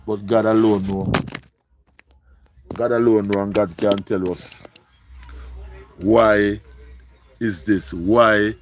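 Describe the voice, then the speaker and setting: A man's voice: fairly low pitch, steady tone, takes it slowly, pauses often. Pleading Jamaican man on a live stream. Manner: pleading, repetitive, emotional, speaks in Jamaican Patois. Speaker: livestreamer. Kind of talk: live-stream appeal to viewers.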